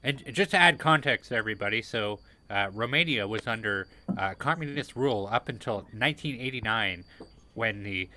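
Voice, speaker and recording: A man's voice: on the low side, expressive, moderate pace, pushed and bright, dry recording. A man hosting a livestream panel, explaining historical context in a casual way. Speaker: show host. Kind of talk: livestream commentary.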